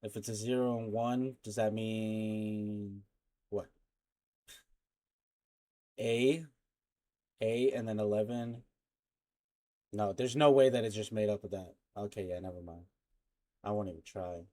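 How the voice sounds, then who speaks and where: A young man hosting a reaction video, talking casually and haltingly with lots of slang and filler. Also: fairly low pitch, steady tone, dark tone.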